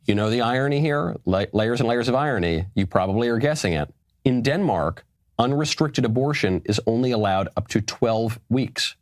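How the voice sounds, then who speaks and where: A man's voice: mid-range voice, expressive, moderate pace, no room sound, studio quality. A man giving political commentary in a sarcastic, lecturing way. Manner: sarcastic, lecturing, laughs at his own points.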